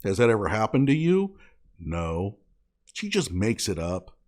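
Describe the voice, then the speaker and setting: Scornful, animated male commentator. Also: fairly low pitch, unhurried. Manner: indignant, sarcastic, scolding. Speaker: online commentator.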